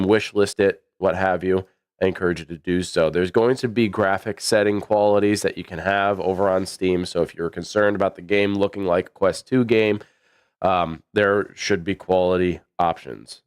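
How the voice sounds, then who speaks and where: Deep smooth-voiced male commentator. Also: no room sound, clean studio sound. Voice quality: baritone. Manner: chatty, rambling, with many fillers. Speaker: esports commentator. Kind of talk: livestream match commentary.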